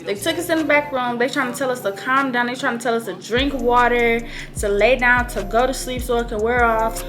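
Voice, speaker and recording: A woman's voice: fairly high pitch, fairly quick, over music. A woman vlogger telling a personal story in casual storytime style, full of profanity and slang, acting out quoted lines in a raised voice.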